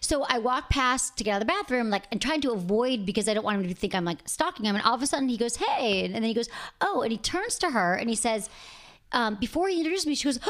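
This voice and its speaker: Woman podcast host, quick talker, lively bouncing pitch, casual chatty storytelling.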